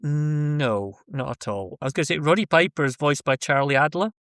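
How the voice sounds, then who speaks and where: A man's voice: fairly high pitch, expressive, moderate pace, fairly bright tone, no room sound, studio quality. A Scottish man joking wryly as a podcast guest in casual chat. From Scotland. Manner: wry, joking.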